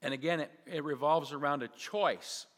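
A male pastor preaching a sermon, slowing down and leaning on key phrases for emphasis. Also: a little high, a bit bright, in a large hall.

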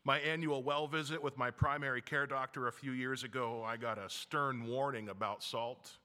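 A man preaching a sermon as pastor, lively and wryly self-mocking, with humorous asides. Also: medium pitch, normal speed, long reverb tail.

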